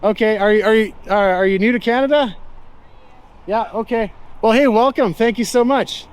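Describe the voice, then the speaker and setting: A man's voice: high-pitched, moderate pace, smooth. A man vlogging while walking outdoors in a city, asking passersby questions in a friendly, reflective way with loose fillers. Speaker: street interviewer and vlogger. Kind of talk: casual walking vlog with street questions. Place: outdoors in a city street and park.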